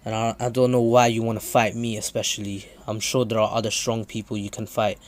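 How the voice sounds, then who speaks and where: A man voicing a confident teenage ninja boy who lectures his rival calmly, in his own everyday voice with hesitations and restarts. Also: lowish voice, a little fast, close to an everyday voice. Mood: calm, lecturing. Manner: plain storytelling voice with ums and restarts. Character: confident teenage male ninja, calm and preachy. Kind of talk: retelling a fan story.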